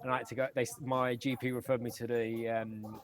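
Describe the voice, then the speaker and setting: A man's voice: mid-range voice, flat delivery, a little fast. A man hosting a podcast, chatting casually, telling stories and swearing freely. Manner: swears a lot, tells anecdotes. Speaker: podcast host. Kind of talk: casual interview chat.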